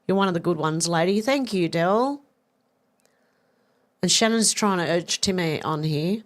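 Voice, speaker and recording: A woman's voice: on the low side, unhurried. A woman hosting a casual live stream, chatty and self-deprecating, reading viewer comments aloud and answering them with frequent laughter. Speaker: livestream news host reading viewer comments.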